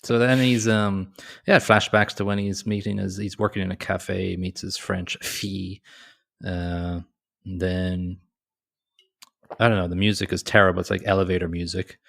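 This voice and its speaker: A man co-hosts a casual movie podcast, rambling through the plot, laughing often, and quoting characters in mock voices. His low voice is level, creaky, and fairly bright, at normal speed.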